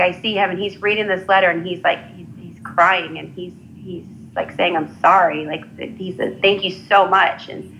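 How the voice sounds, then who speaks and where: A woman giving a live psychic reading, talking in an earnest, halting way with many restarts and fillers. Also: medium pitch, fairly bright tone, muffled recording, slight background noise. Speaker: psychic reader. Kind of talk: live intuitive reading, casual.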